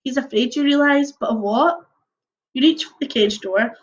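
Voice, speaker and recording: A young woman reading a choose-your-own-adventure book aloud on a livestream, mixing lively narration with casual chatty asides. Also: high-pitched, moderate pace, a little hiss or hum. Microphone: computer or phone mic on a video stream. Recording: dull lo-fi livestream audio.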